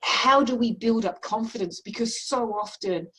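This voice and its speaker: A woman's voice: on the high side, moderate pace, sharp tone, recorded from a distance, slight background noise, rough recording. A woman host asking chatty, rambling questions with many fillers on a video call. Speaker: podcast host. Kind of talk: casual interview chat.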